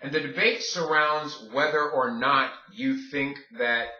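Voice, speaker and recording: A man teaching Spanish grammar in a video lesson, explaining each step slowly as he writes it out. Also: mid-range voice, steady tone, sharp tone. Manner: explains step by step, writing on a board. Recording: roomy, dull lo-fi sound.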